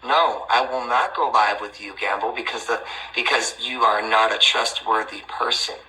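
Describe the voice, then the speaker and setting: Bright-voiced man ranting on a livestream. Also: on the low side, moderate pace, slight background noise, rough recording. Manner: rambling and defensive, with many restarts. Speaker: livestream host. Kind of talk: casual livestream chat.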